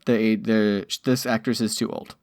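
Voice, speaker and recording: A man's voice: on the low side, flat delivery, unhurried, a little mellow, clean tone, no room sound, studio quality. A man co-hosting a podcast in casual chat, with wry, sardonic quips. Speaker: podcast co-host.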